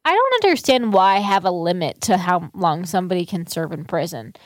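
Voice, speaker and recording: A woman's voice: on the low side, very animated, a little fast, no room sound, clean studio sound. A woman co-hosting a casual chat show, talking bluntly and heatedly with plenty of swearing. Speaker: podcast co-host.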